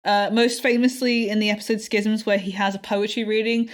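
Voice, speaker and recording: A woman's voice: medium pitch, flat delivery, a little fast. A woman co-hosting a podcast in casual chat, enthusiastic and often laughing. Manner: enthusiastic, laughing, swearing freely. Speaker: podcast co-host.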